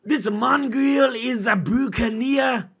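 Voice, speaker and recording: A man streaming a live manga reaction, emotional and slangy, swinging between shouting and low muttering. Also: slow pace, creaky, husky.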